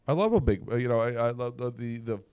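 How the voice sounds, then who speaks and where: A man's voice: mid-range voice, fast, a little mellow, smooth, no echo. Casual man hosting a podcast. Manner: loose, joking, trails off into fillers. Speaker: podcast host.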